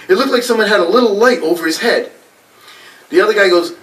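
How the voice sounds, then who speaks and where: A rambling, chatty man with a New England accent tells ghost stories to a library audience in a casual talk. His voice sits a bit high for a man. He sounds a little distant from the microphone. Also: expressive, quick pace, a bit bright. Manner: rambling, chatty, with frequent fillers and laughs. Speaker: paranormal investigator giving a library talk. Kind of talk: casual storytelling presentation. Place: library meeting room. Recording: voice a little far from the mic.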